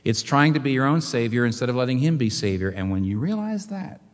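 A man preaching a sermon as a pastor, asking rhetorical questions and swinging between loud and quiet. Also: a little fast. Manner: animated preaching, rhetorical questions, wide swings in pitch and volume. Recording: long hall reverb.

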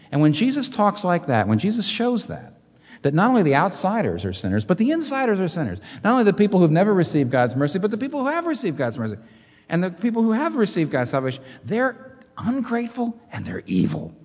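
Pastor, male, lively sermon delivery with swooping pitch, long church-hall reverb. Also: fast talker, breathy edge. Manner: animated preaching, rhetorical questions, wide swings in pitch and volume.

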